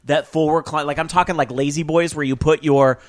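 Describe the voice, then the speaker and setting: A man hosts a live gaming radio show and keeps up a loose, chatty ramble. His voice sits a little higher than most men's. He stays upbeat and talks straight to his listeners. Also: fairly even intonation, brisk. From Northern California. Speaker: podcast host. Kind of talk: casual live radio chat.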